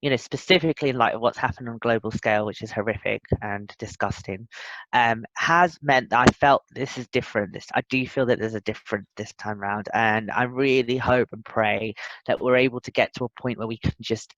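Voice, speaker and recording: A man's voice: mid-range voice, steady tone, a little fast, a bit bright, dry recording. A man as a podcast guest, talking earnestly and thoughtfully in casual interview chat, often restarting his sentences. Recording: dull, lo-fi, dry sound.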